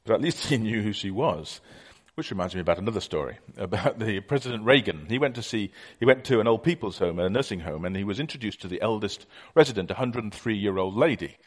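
A man's voice: on the low side, animated, quick pace, few pauses, husky. A middle-aged man preaching a conversational sermon, telling stories with many fillers.

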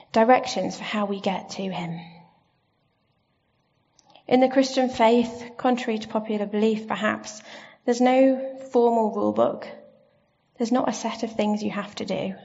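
A woman giving a sermon in a church, gentle and reflective, asking her listeners questions. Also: mid-range voice, creaky. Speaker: preacher. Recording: slightly dull lo-fi sound.

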